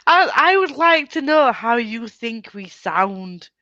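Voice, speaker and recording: A woman's voice: on the high side, sing-song, slow pace, sharp tone, dry recording, lo-fi sound. A woman with an English Midlands accent, chatting casually and giggling often, playfully mimicking accents. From England. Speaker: booktube host. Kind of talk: casual video call chat.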